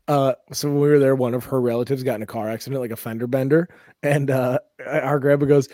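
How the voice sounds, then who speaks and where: A man co-hosting a comedy podcast, telling stories in a casual, animated way and acting out the voices of people he quotes. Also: mid-range voice, a little fast, no echo, clean studio sound. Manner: animated storytelling, acts out quotes. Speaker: podcast co-host.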